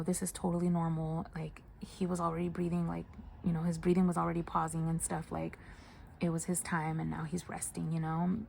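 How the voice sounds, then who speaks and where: Casual storyteller: a nurse speaking softly with a low, fry-edged voice, chatty with lots of fillers, over a light hiss. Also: female voice. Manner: soft, hushed delivery with many fillers. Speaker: hospice nurse telling a story.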